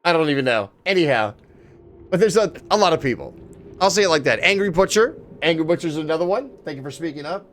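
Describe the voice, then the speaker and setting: A man chatting casually on a live stream, excitable and swearing, shouting out viewers in chat. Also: a little high, quick pace, slight background noise. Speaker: livestreamer.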